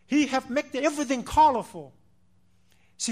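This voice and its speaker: Male preacher, high voice, impassioned delivery with big swings in volume, repetitive emphasis. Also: expressive, normal speed, pauses often. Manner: impassioned, swinging between loud declarations and hushed asides; repeats phrases for emphasis, addresses listeners as "my friend". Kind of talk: sermon.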